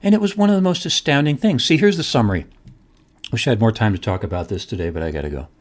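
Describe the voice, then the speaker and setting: Middle-aged male host, animated delivery, emphatic with rhetorical questions. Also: mid-range voice, fast talker. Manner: emphatic, repeats points, asks rhetorical questions. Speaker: podcast host, economist. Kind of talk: solo podcast monologue.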